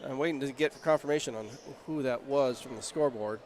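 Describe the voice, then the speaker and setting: A man calling a local high school basketball game play-by-play, chatty and getting louder on big plays. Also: a little fast, a little hiss or hum. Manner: chatty, rises in pitch and volume on big plays. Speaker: play-by-play announcer. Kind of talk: play-by-play commentary.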